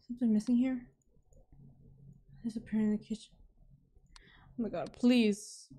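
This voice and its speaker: With a slightly high, mellow voice and a steady tone, a young VTuber works through a horror game while talking to herself. She's jumpy and pleading, then self-mocking, speaking a little slowly with long pauses.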